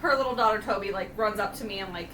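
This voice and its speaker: A medium-pitched woman talks fast as a podcast co-host in a casual, animated chat, swearing freely and acting out quotes. She's far from the mic, in a roomy space with faint room noise.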